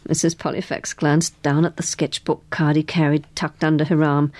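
A woman narrating a novel in an expressive way, giving each character a voice. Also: sits low, normal speed, hardly any pauses, no room sound. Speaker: audiobook narrator. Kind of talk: scripted narration.

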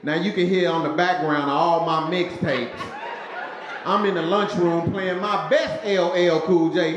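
Stand-up guy telling stories, high voice, echoey room with noise. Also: steady tone, unhurried, crowd noise. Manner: storytelling, punchy delivery. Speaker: stand-up comedian. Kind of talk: stand-up routine.

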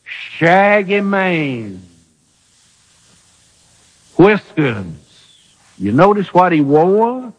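A man preaching a sermon with emphatic rhetorical questions and dramatic pauses, from an old radio broadcast. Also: high voice, sing-song, big-room sound, dull audio.

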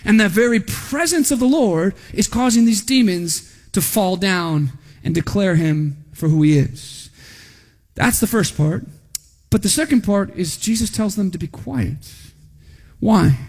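A man's voice: high-pitched, a little slow. A man preaching a sermon as pastor, emphatic, asking rhetorical questions and dropping into a stern voice for quotes. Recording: hall reverb.

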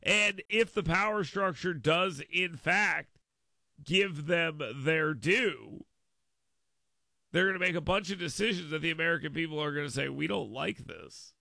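Talk radio guy, kinda high, gravelly voice, dry studio mic, stumbles and corrects himself a lot. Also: a little slow, dry recording. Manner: animated, acts out others' voices in quotes; self-correcting, repeats words as he goes. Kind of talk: political talk radio commentary.

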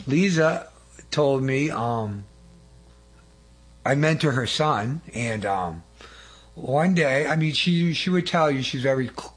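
A young man shares church testimony in a husky, slightly breathy voice. He talks earnestly and rambles, often restarting his sentences and filling pauses as he goes. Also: on the high side. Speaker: lay preacher giving testimony. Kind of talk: testimony sermon.

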